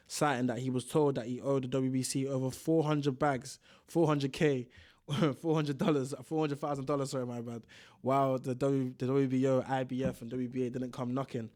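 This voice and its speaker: A man's voice: mid-range voice, a little mellow. A young man giving casual boxing commentary, slangy and ranting, often repeating himself. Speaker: boxing vlogger.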